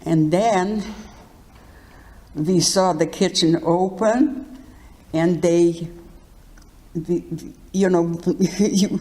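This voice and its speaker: Slow halting older woman recalling the past. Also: fairly low pitch, mellow. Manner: halting, slow, often restarting and repeating words. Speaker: Holocaust survivor interviewee. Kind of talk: recalled life testimony.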